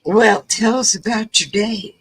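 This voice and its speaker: A woman co-hosting a casual chat show while sick, with a croaky voice and a folksy, rambling way of telling stories. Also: medium pitch, a little slow, fairly bright tone. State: sick, under the weather. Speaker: co-host of a live chat show.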